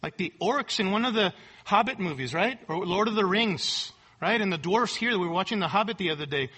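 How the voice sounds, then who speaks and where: A man's voice: high voice, animated, fairly quick, pushed and bright, slightly rough. A man preaching an expository sermon at a church service. He talks emphatically, repeats key words and often asks "right?". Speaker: pastor.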